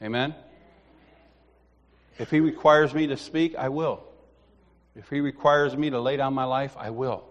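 A man's voice: medium pitch, measured pace, pauses often, dull audio. Guy telling a story from the pulpit, acts out all the voices, echoey sanctuary. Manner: animated storyteller, acts out dialogue, laughs at himself. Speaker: lay preacher. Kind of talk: sermon with personal storytelling. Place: church sanctuary. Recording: long hall reverb.

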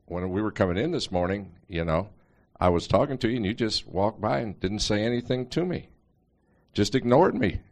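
A man in a church group telling a story in a plain, matter-of-fact way. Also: lowish voice. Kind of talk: casual storytelling.

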